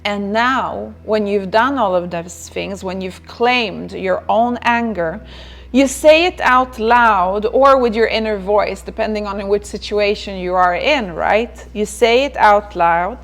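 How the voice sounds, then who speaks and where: A woman's voice: mid-range voice, measured pace. A woman giving a reflective motivational talk on self-care, who repeats phrases and checks in with "right?".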